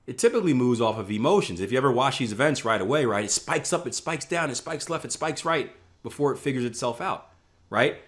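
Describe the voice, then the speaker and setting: A man's voice: medium pitch, expressive, brisk. A man from the Northeast US teaching a live online trading class in a conversational way, often checking in with "right?" and acting out panicked traders. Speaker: trading instructor.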